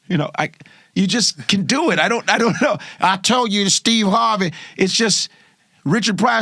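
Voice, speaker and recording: Male comedian, casual chat, profane, fairly high voice, dry close sound. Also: normal speed, creaky, pushed and bright, dry recording. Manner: loose, profane, rambling. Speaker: comedian and impressionist.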